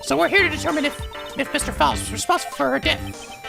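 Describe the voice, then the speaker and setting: A man voicing an earnest young woman defense attorney in a high falsetto with a gravelly creak, a bit hesitant, dubbing a video game. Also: quick pace, heavily acted. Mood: formal. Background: game music.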